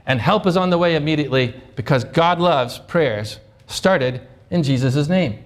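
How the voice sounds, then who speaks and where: A man with a notably high voice preaches a sermon. He asks rhetorical questions and acts out sample prayers in lively turns. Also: moderate pace, hardly any pauses. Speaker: pastor.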